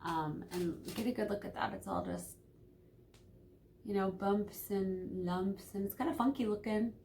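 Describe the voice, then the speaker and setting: A woman talking casually in a home vlog, chatty and hesitant with frequent ums, sometimes dropping to a hush. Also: mid-range voice, animated, unhurried, a little hiss or hum. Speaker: vlogger.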